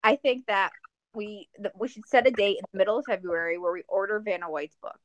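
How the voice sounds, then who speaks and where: A woman co-hosting a podcast in casual chat, joking and rambling through plans in an animated way. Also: medium pitch, brisk, no room sound, dull audio. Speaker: podcast co-host.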